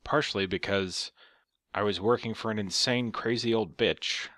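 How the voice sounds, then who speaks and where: Low-voiced, sarcastic male vlogger, casual and foul-mouthed. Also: moderate pace, a bit bright, no room sound, clean studio sound. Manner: sarcastic and profane. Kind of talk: casual storytelling rant.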